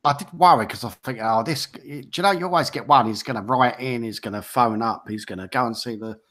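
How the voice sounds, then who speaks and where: A man's voice: medium pitch, a little fast, pushed and bright. A man, telling a rambling anecdote in a casual podcast chat. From England. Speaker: podcast co-host.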